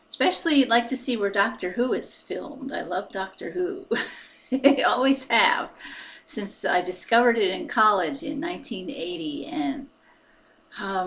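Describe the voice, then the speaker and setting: An American woman in her fifties speaks slowly and unhurriedly, her low voice carrying a gravelly edge. She talks softly in a halting way, with many pauses and fillers, as she shares a casual personal vlog. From United States. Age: 50s. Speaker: vlogger.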